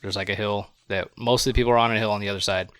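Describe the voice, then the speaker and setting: Podcast co-host, male, lowish bright voice, dry close sound, giggly and profane plot recapper. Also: fairly even intonation, rapid-fire, clean tone, no room sound. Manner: laughs often, swears freely, recounts plot in loose rambling bits. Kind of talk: casual movie review chat.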